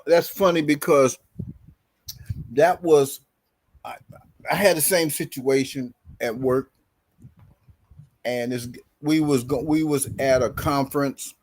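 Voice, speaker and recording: A man's voice: mid-range voice, steady tone, measured pace, pauses often, darkish tone. A man on a podcast telling a workplace story in casual chat, acting out the quoted dialogue with bursts of laughter. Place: podcast studio.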